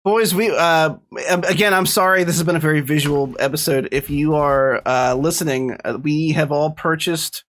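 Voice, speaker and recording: A man's voice: on the high side, moderate pace, hardly any pauses, fairly bright tone. A man co-hosting a casual podcast, rambling and laughing often. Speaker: podcast co-host.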